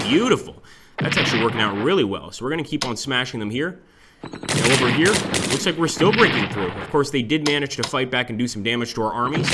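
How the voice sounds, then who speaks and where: Guy talking through his strategy game turn, relaxed, lots of ums, noisy mic with clicks. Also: mid-range voice. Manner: thinking aloud, relaxed, frequent fillers. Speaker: strategy game let's-play host. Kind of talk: casual gameplay commentary. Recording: clear background noise and clicks.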